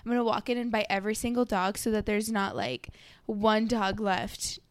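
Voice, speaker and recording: A woman's voice: medium pitch, normal speed, no echo. A young woman co-hosting a casual podcast, easygoing and supportive as she chats. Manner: easygoing, supportive back-channeling. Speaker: podcast co-host. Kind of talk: casual chat.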